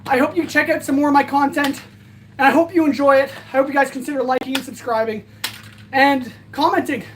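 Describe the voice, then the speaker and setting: Her livestream winding down, the host, a woman with a high, bright voice, talks fairly quickly and rambles as she earnestly thanks everyone. Tiredness and a little breathlessness weigh on her light tone, and a faint hiss or hum sits underneath.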